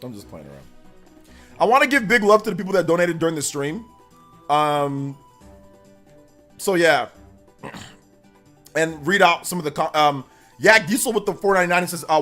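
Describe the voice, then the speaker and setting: A man's voice: on the high side, very animated, normal speed, long pauses, bright, forceful tone, faint music behind. A man streamer chatting casually on a live reaction stream, rambling, laughing and reading donation messages aloud. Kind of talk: casual livestream reaction chat.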